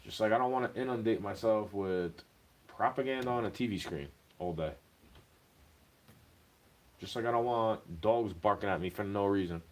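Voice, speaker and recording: A man's voice: fairly low pitch, normal speed, pauses often. A man delivering a rambling, profane monologue, his voice rising in agitated bursts and then dropping back. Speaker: vlogger. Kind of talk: ranting monologue.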